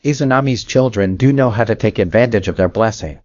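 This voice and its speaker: A man reading the lines of a cocky, mocking old male demon god in a flat storybook narration, taunting and unhurried. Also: on the low side, no room sound, natural voice. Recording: dull lo-fi dry audio.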